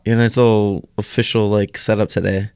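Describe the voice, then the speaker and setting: A man co-hosts a relaxed sports podcast, ribbing his friends and laughing easily. His voice sits a little low. The sound is close and dry. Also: a little fast, clear, resonant tone, dry recording. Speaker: podcast co-host. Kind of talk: casual sports podcast chat.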